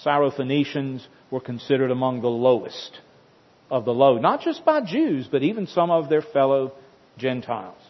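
Husky preacher man in an echoing hall. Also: medium pitch, animated, normal speed. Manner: dramatic storytelling with emphatic repetition. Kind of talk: sermon. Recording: dull sound with long hall reverb.

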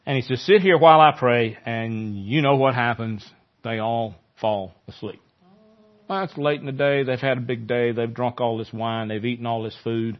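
A male pastor preaching a sermon in a conversational way, growing animated when he quotes scripture. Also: mid-range voice, moderate pace, highs cut off.

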